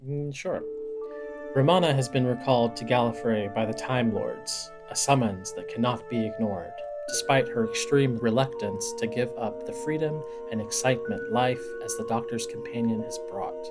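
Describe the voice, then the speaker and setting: A man's voice: medium pitch, moderate pace, few pauses, over loud music. A man co-hosting a casual podcast, easygoing, who also reads text aloud with drama. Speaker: podcast co-host and editor.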